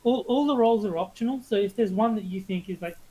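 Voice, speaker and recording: A man's voice: high-pitched, quick pace, dark tone, slightly rough, rough recording. Man casually explaining game rules. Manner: explains rules step by step, with many fillers and restarts. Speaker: podcast co-host.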